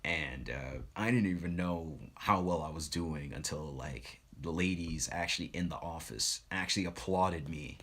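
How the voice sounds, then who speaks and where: A young man streaming, telling a casual story in an animated way and slipping into funny voices when he quotes people. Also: rumbling low, normal speed, few pauses, slightly rough.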